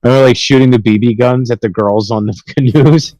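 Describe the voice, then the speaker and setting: A man's voice: medium pitch, fairly even intonation, fairly quick, mellow, no echo, low-quality recording. A young man telling rambling, profanity-filled stories with laughs in a casual podcast chat. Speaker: podcast host.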